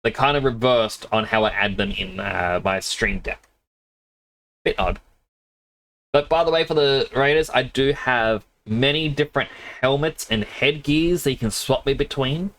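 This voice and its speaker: A young man with a mixed Australian accent chats casually on a game live stream, rambling and laughing often. His voice is medium-pitched, unhurried and fairly bright, the recording is rough, and game music plays underneath.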